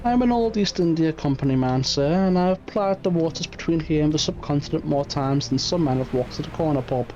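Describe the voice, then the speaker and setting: A man's voice: a little high, brisk, hardly any pauses, warm tone, a little hiss or hum, natural voice. A man voicing a seasoned old sailor in a game reading, telling his tale matter-of-factly. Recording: muffled stream audio, faint music.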